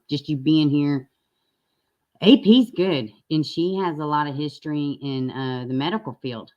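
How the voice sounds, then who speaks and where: A woman chats with her live stream audience in a low voice. She is folksy and affectionate, laughing often between thoughts. The sound is a little dull and lo-fi. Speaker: true crime live streamer. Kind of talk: casual live stream chat with viewers.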